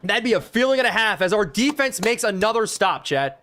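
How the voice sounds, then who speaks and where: This young man streams himself playing a football video game, thanking chat and calling plays, with excited, loud outbursts on big plays. His voice sits high and moves fairly quickly.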